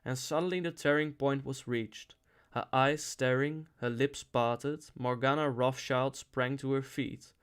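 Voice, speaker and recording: A man's voice: mid-range voice, steady tone, unhurried, clear, resonant tone. A man reading a novel aloud with dramatic expression. He lingers on phrases and lets tension build in the prose. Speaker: audiobook reader.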